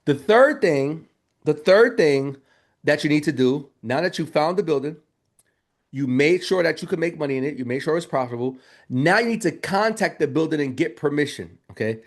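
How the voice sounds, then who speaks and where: Male business trainer, lively and joking, fairly high voice, chatty live workshop delivery. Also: normal speed. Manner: energetic, joking, addresses audience as y'all.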